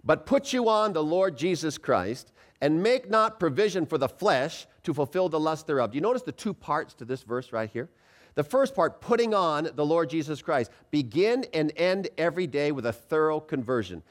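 A man preaching a sermon in a church, animated and calling on the congregation to answer him out loud. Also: on the high side, normal speed. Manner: animated, calls for congregation responses.

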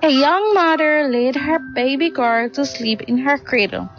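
A woman reading a story aloud in an earnest, expressive way. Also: high-pitched, measured pace, lo-fi sound, soft background music.

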